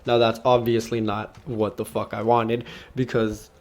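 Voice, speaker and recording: A man's voice: mid-range voice, level tone, measured pace. A young man telling a storytime story on his own vlog in a casual way, swearing freely and breaking into laughter. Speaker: vlogger.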